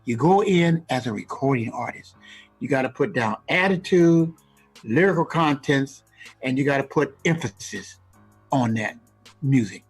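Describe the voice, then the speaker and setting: A man co-hosting a casual radio show, giving animated advice to recording artists. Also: mid-range voice, unhurried, breathy edge, faint music behind. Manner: animated, acts out rap lines and ad-libs. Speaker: co-host giving music industry advice.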